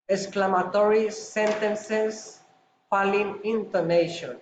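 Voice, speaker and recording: A man's voice: sits high, steady tone, measured pace, a little hiss or hum. A man carefully reading English intonation drills aloud, one example at a time, in a home recording. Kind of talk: slow read-aloud drill. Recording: roomy, slightly dull home recording.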